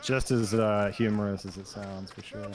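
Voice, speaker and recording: A man's voice: fairly low pitch, moderate pace. A man who works as a voice actor, chatting casually and rambling a little while gaming. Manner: relaxed, rambling with fillers. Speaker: voice actor guest on a stream. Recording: noticeable background noise.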